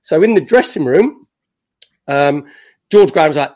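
Male podcast guest in his fifties, lightish pitch, lively anecdote-teller who slips into quoted voices. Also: normal speed, pauses often. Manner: animated storyteller, acts out quotes. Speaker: guest, former footballer. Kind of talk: casual podcast chat.

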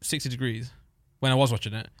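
A man's voice: mid-range voice, fairly even intonation, fast talker, no room sound. Playful young man, dry studio sound. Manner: laughs often, playful banter. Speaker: podcast co-host. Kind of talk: casual chat.

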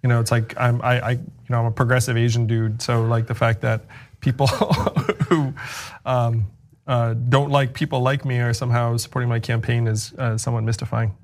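A man's voice: mid-range voice, flat delivery, normal speed. A man from the United States, a presidential candidate as a guest, answering interview questions in a loose, chatty way with many fillers and restarts.

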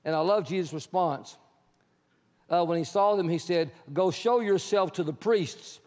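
A man delivers a sermon in a very high voice, telling the stories with lively energy and acting out the people in them. At points he rises into shouting. His voice rings with a long reverb, as if in a large hall. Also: moderate pace. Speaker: preacher.

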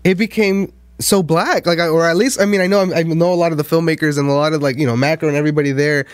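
A man's voice: on the high side, no echo, studio quality. A man filmmaker talking animatedly in a casual podcast conversation, full of fillers. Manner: animated, fast, lots of fillers. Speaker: filmmaker guest.

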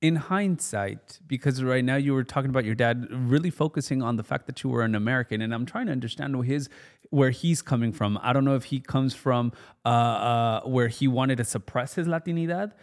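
A man's voice: mid-range voice, fairly quick. A man hosting a casual podcast interview, asking thoughtful questions between short encouraging replies. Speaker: podcast host.

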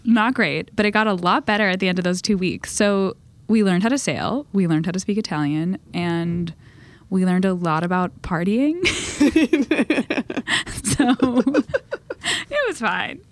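A woman's voice: medium pitch, lively intonation, unhurried. A woman who is a guest editor on a casual podcast, talking playfully and laughing between phrases. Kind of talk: casual chat.

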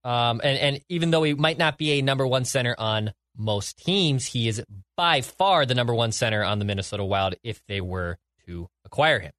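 Confident jokey podcast co-host, dry sound. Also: male voice, medium pitch, normal speed, few pauses, a bit bright, dry recording. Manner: confident, jokey, stat-heavy. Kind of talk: casual sports chat.

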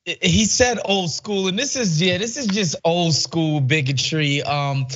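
A man co-hosting a news commentary show, giving his view in a measured, thoughtful way. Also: high voice, a bit bright, highs cut off. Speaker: co-host.

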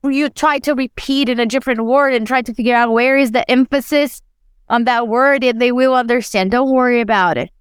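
A woman who is not a native English speaker, co-hosting a podcast and telling stories in an animated, self-deprecating way. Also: fairly high pitch, fairly quick, clear, resonant tone, dry recording, clean studio sound. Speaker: podcast co-host. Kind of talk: casual podcast conversation.

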